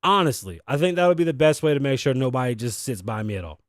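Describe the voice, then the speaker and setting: A man's voice: mid-range voice, sing-song, fast talker, no echo, clean studio sound. A man hosting a comedy talk show, rambling and swearing freely as he riffs on movies, shopping and news. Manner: profane, rambling, jokey. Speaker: host. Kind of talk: casual comedic commentary show.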